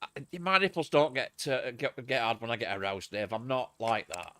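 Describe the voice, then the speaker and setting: A man's voice: medium pitch, moderate pace, pushed and bright, clean tone. A man, streaming a game and rambling crudely in casual chat.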